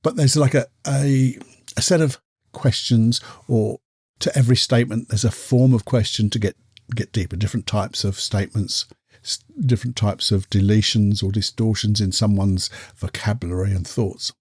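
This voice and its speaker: A man's voice: on the low side, fairly even intonation, normal speed, darkish tone, slightly rough, no room sound, studio quality. A man hosting a casual solo talk. He chats freely, acts out the people he quotes and keeps asking rhetorical questions. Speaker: podcast host and coach.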